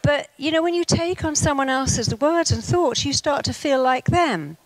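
A middle-aged English woman, a therapist, giving a motivational talk and acting out quotes in lively anecdotes. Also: normal speed, dry recording, rough recording. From England. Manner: lively storyteller, acts out quotes with big pitch jumps. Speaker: therapist and speaker.

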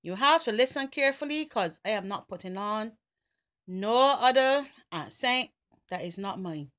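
A woman with a Barbadian accent, talking casually and deliberately through an accent challenge. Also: medium pitch, animated, a bit bright. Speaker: vlogger.

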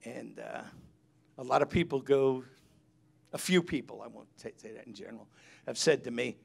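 Gravelly man preaching a chatty sermon. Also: mid-range voice, moderate pace. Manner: chatty storytelling, acts out quotes. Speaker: pastor.

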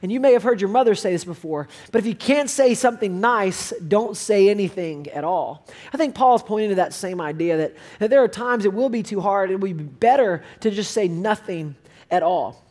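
A man's voice: high voice, lively intonation, normal speed, darkish tone. A male pastor preaching a sermon in a conversational, storytelling way, telling personal stories and reading scripture.

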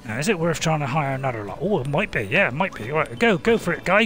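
A man narrates his game in a loose, jokey way, chatting to himself and cheering on his little units. His voice sits a bit high and bounces up and down a lot. Game music plays clearly behind him. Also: sing-song, fast talker, hardly any pauses, a bit bright. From Britain. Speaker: gaming video host. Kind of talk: casual game commentary.

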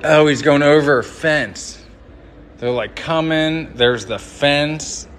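A man livestreams as he wanders through the inside of a large hotel, talking to viewers in a loose, rambling, jokey way. His voice is bright and forward, picked up by a handheld phone as he walks, with a faint hum of background noise. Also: fairly high pitch, slow. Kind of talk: live-stream walking commentary.

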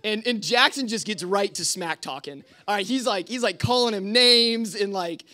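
A young man tells stories to a youth group in a loose, rambling style, full of "like" and "um". His voice sits high and sounds bright and sharp. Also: moderate pace. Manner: casual, rambling, full of fillers. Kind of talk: storytelling talk to a youth group.

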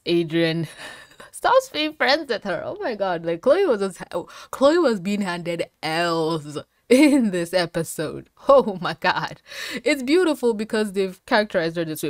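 A woman reviewing an animated episode in casual, sarcastic commentary, swearing and laughing as she talks. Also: on the low side, dry recording, clean studio sound. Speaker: YouTube reviewer.

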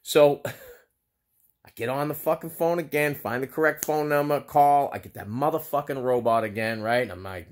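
In a mid-range voice at a moderate pace, a Boston-accented vlogger rants through a storytime monologue on video. He's exasperated, sarcastic and heavily profane, cursing nonstop.

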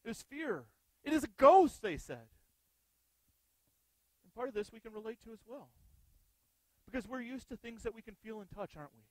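A man's voice: high voice, fairly bright tone, no room sound, poor audio. A male pastor preaching an earnest sermon, often putting rhetorical questions to the congregation.

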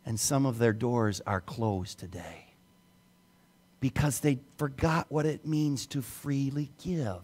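A middle-aged pastor preaches slowly, his breathy voice swinging between soft, low passages and loud, raised emphasis.

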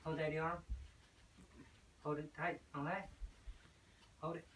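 A woman's voice: deep voice, flat delivery, takes it slowly, slight background noise. A woman at home giving firm, short instructions to a small child. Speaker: family member minding a child. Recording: voice from a distance.

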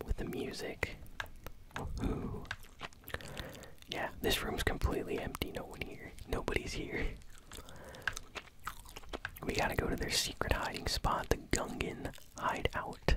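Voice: measured pace, pauses often. An ASMR gaming host whispering casual, easily amused gameplay commentary while chewing bubblegum.

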